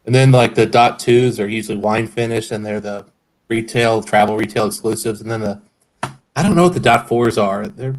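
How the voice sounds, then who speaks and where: A man's voice: on the low side, moderate pace. A man hosting a casual whiskey-tasting livestream, rambling and hedging with frequent self-corrections. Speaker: host of a whiskey review stream.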